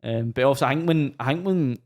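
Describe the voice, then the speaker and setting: Fast-talking Scottish young man, sweary storyteller. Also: medium pitch. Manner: animated storyteller, swears freely, acts out his own shouts. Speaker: podcast host. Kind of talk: casual chat over drinks.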